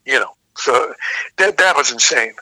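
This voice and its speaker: A man's voice: mid-range voice, animated, normal speed, bright, forceful tone, breathy edge, dry recording, rough recording. An older man, a rock vocalist, telling rambling, profane road stories in a casual interview. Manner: rambling anecdotal, frequent restarts, profane.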